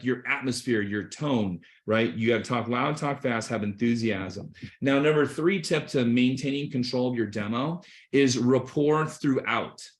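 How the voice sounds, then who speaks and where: A middle-aged man giving an energetic sales coaching talk on a video call, often checking in with "okay" and "right". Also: mid-range voice. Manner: energetic, enthusiastic, repeats points with "okay" and "right". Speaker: sales trainer.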